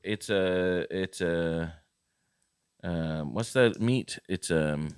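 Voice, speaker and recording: Low-voiced man in loose podcast chat. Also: drawn-out words, smooth, no room sound, clean studio sound. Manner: rambling, loose, full of restarts and fillers. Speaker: podcast co-host. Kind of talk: casual chat.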